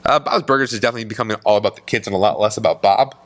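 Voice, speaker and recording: A man co-hosting a casual podcast, telling stories in a rambling, animated way from a small room. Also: fairly low pitch, very fast. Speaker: podcast co-host. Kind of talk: casual chat.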